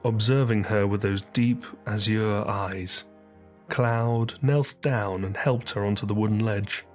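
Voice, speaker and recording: A man reading an audiobook story as narrator, measured and descriptive. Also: fairly low pitch, steady tone, faint music behind.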